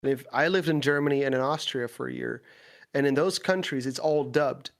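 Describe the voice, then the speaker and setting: A man from the Netherlands, a guest YouTuber talking in a relaxed podcast chat, explaining at length and laughing easily. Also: mid-range voice, fairly quick, vocal fry.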